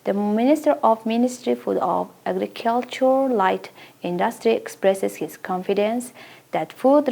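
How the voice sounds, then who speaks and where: A woman's voice: on the high side, measured pace, creaky, warm tone. Woman reading news. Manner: careful, formal reading of a script. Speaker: news presenter.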